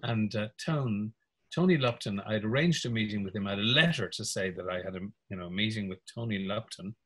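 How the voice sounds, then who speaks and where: A man's voice: fairly low pitch, a little fast, fairly bright tone, breathy edge, rough recording. An older Irish man, a music producer, reminiscing casually in an interview, telling stories with frequent chuckles and little impressions of people. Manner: anecdotal, chuckles often, mimics voices in stories.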